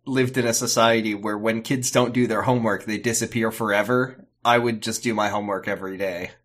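A man's voice: on the low side, fairly even intonation, fairly quick, a bit bright. A man co-hosting a podcast, chatting casually about a TV episode with sarcastic jokes, laughter and swearing. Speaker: podcast co-host. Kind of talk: casual chat recapping a TV episode.

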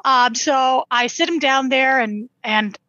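A woman's voice: high-pitched, takes it slowly, bright, forceful tone, dry recording, muffled recording. A woman in her sixties, a podcast guest, telling family stories in a chatty way, laughing often. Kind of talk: casual podcast chat.

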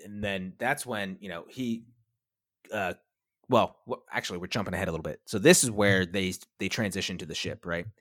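A man's voice: low voice, a little fast, fairly bright tone, dry recording, studio quality. A man co-hosting a podcast, recapping a TV episode in a rambling, casual chat, swearing now and then. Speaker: podcast co-host.

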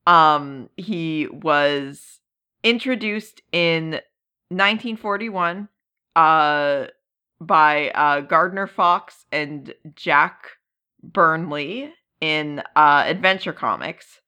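A woman co-hosting a casual podcast, laughing often and halting with lots of ums. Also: sits low, pushed and bright, clear, resonant tone. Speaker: podcast co-host. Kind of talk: casual chat.

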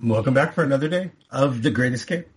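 Husky-voiced man co-hosting a podcast. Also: mid-range voice, quick pace. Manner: rambling, many restarts and laughs. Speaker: podcast co-host. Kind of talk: casual podcast chat.

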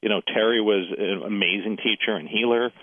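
A man with a lowish voice tells a long personal story, now and then acting out the people in it. The sound is thin and tinny, as if over a phone line. The room is dry, with no echo. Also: fairly quick. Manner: animated storyteller, quotes others in dialogue. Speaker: guest. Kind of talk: casual interview storytelling.

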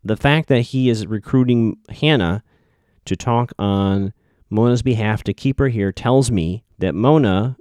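A man's voice: medium pitch, warm tone, dry recording. A man giving a casual recap of a TV episode, thinking aloud and correcting himself as he goes.

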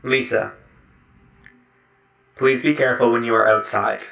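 A tabletop player voicing a literal-minded, rule-bound caretaker robot with flat, deliberate delivery. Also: medium pitch, creaky.

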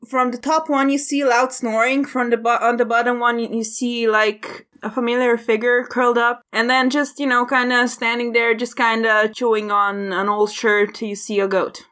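A woman's voice: a little high, little pitch movement, moderate pace, fairly bright tone. A woman acting as game master of a tabletop game, narrating in a casual, chatty way with frequent hesitations.

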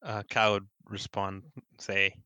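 A male player in a tabletop role-play game, halting and tentative. His voice sits low but sounds bright. He checks himself as he goes. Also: level tone, clean tone, dry recording.

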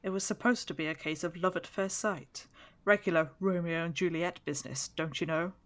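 A woman's voice: fairly low pitch, fairly quick, close to an everyday voice. A woman reading the part of a fat, jovial older lord who gossips with exclamations, in an audiobook. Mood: gossipy. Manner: chatty, gossipy storytelling with exclamations.

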